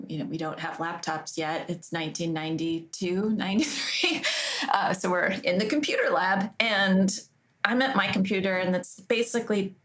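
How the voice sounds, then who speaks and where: A woman in her forties co-hosting a podcast, telling a story in an animated, exclamatory way and acting out the voices in it. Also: medium pitch. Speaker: podcast co-host. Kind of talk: casual storytelling.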